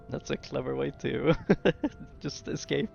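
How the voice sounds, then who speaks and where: A young game streamer talks slowly and half to himself as he works, with a heavily gravelly, fry-laden voice. He chats casually with his viewers between tasks. The audio is dull and lo-fi, with faint music under it. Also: medium pitch, a little mellow. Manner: muttering to himself while building, chatting to viewers. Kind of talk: casual gameplay commentary to chat.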